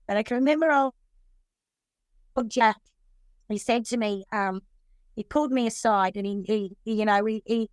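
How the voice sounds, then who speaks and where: A middle-aged woman from Australia sharing her recovery story at a meeting, earnest and rambling with halting restarts. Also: mid-range voice, smooth, no room sound. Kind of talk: personal testimony at a recovery meeting.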